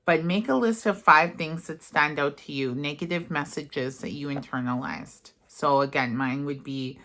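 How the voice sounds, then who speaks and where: A woman leading a guided affirmation session, reading gently and then talking casually with fillers. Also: rumbling low, steady tone. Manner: gentle and unhurried, slipping into casual fillers when speaking freely. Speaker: self-help guide. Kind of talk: guided affirmation session, partly read aloud.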